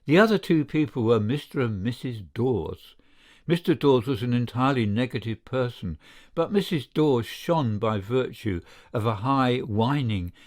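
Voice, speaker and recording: A man narrates a classic story at an unhurried pace. His pitch moves a lot, giving the telling plenty of lift and color. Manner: slow, lively storytelling delivery. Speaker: audiobook reader. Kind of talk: scripted narration of a short story.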